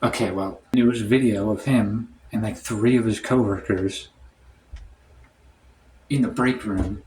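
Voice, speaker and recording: Low-voiced rambling storytime man. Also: fairly even intonation, a little slow, a little mellow. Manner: rambling, heavy on "like" and "um". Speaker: storytime comedian. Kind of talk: comedic storytime monologue.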